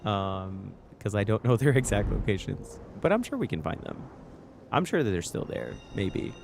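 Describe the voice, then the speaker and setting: A man's voice: lowish voice, big pitch swings, moderate pace, gravelly, over music. A young man streaming casually, rambling playfully and answering chat as he talks about a game. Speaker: livestream guest streamer.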